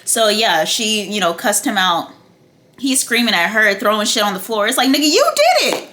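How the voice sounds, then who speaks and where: A woman giving a casual TV recap and review, ranting excitably with heavy swearing and lots of "like" and "you know". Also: mid-range voice, normal speed, a little hiss or hum. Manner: profane, excitable ranting with frequent fillers. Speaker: TV recap vlogger.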